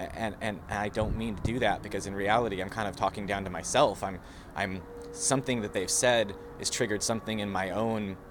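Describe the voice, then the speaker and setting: A man's voice: lowish voice, noisy background. Rambling young man vlogging outdoors. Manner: rambling, self-reflective, laughs at himself. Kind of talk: casual reflective monologue.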